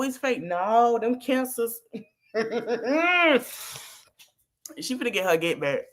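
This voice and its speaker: A woman's voice: a little high, a bit bright. A woman podcast host, giving blunt commentary on a clip and talking straight to her viewers. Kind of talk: reaction commentary.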